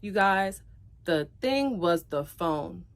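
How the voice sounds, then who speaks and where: A woman's voice: fairly low pitch, animated, slow pace, vocal fry. Upset woman recounting a breakup. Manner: addresses viewers directly, repeats phrases, grows loud and heated when recounting fights. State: upset, near tears. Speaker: streamer telling her side of a breakup. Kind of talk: emotional live-stream storytelling.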